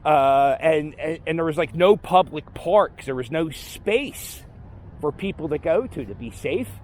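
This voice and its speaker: A Philadelphia-area man rambles through a casual walking-tour vlog outdoors on a city street, offhand and often correcting himself. His fairly high voice is expressive, a little slow, and darkish in tone. Faint street noise is in the background.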